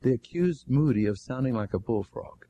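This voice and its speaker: A man preaching a sermon as an animated storyteller, acting out the dialogue with fervent exclamations. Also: mid-range voice, normal speed, dull audio, a little hiss or hum.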